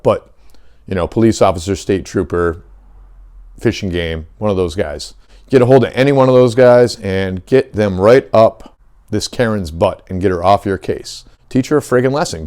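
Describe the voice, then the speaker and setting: A middle-aged man with a fairly low voice, hosting a casual fishing vlog. He rants bluntly and heatedly, swearing freely as he goes. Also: darkish tone. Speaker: fishing channel host.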